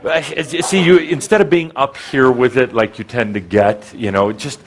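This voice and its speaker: A man speaks on a handheld microphone to a live audience in a hall, leading a spiritual workshop. He teases and goads a participant, stumbling over restarts as he pushes on. His pitch sits in the middle range for a man. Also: steady tone. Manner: teasing, provocative, halting restarts. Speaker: spiritual teacher working with an audience. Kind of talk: interactive workshop talk.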